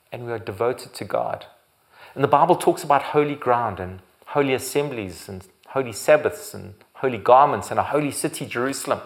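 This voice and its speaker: A man preaching a sermon as pastor, building to loud, emphatic repeated phrases and sometimes correcting himself. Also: medium pitch. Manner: occasional restarts and self-corrections.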